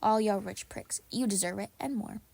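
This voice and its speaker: A woman's voice: mid-range voice, normal speed, vocal fry, warm tone, breathy edge. A young woman co-hosting a podcast, talking in a blunt, profane, ranting way during casual chat. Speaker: podcast co-host.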